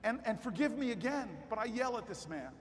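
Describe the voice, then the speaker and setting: A man giving a keynote speech at a political convention, telling a story that builds into shouted rally calls. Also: very high voice, lively intonation, a little fast. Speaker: keynote speaker. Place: large convention hall. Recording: long hall reverb with faint crowd.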